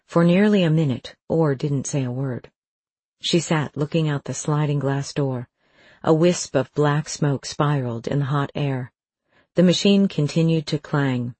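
A narrator reading a crime novel as an audiobook, with even, measured storytelling. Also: mid-range voice, breathy edge, dry recording.

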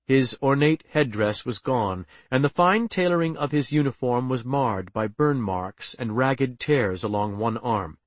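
A man giving steady, scripted audiobook narration. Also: mid-range voice, a little slow, hardly any pauses, no echo.

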